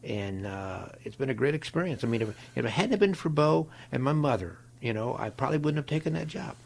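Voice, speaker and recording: An older man from Ohio, a guest on an interview show, telling stories in an animated way and acting out the voices of people he quotes. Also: medium pitch, brisk, gravelly. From Ohio, USA. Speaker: guest, longtime football equipment manager. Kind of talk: storytelling interview.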